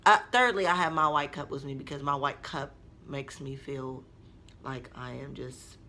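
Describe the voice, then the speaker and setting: A woman telling a story to her viewers in a casual vlog, chatty and expressive, talking straight to her audience. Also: rumbling low, normal speed, a little hiss or hum. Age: adult mother. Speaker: vlogger.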